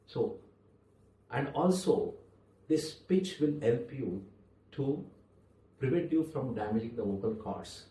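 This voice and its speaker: A man teaching public speaking, talking in measured phrases with deliberate pauses and stressed words. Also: medium pitch, animated, warm tone. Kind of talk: spoken lesson to camera. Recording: echoey room, voice a little far from the mic.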